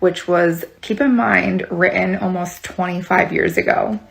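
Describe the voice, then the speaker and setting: A woman's voice: fairly low pitch, fairly even intonation, measured pace, creaky, low-quality recording. A woman asking an incredulous question in casual video narration.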